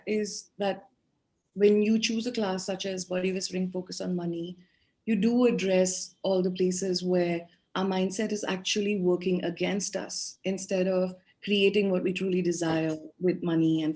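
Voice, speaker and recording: A woman interviewing a guest in a casual conversation. Her voice is a touch low. She sums up eagerly and fills pauses with "uh" and "um". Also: steady tone, darkish tone. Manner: enthusiastic, summarizing, with fillers.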